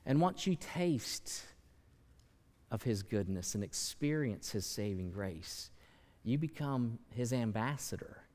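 A man's voice: animated, slow pace, a little mellow. A man preaching in a mid-range voice, moving between casual asides and sudden raised emphasis. His voice carries a long reverb from a large church sanctuary. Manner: conversational preaching with folksy asides and sudden rises in pitch. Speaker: pastor. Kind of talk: sermon.

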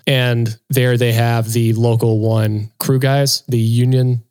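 A man, a co-host and touring drummer, telling a story in casual chat and acting out quotes in a raised voice. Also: slow. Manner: animated storyteller, acts out quotes in a higher voice.

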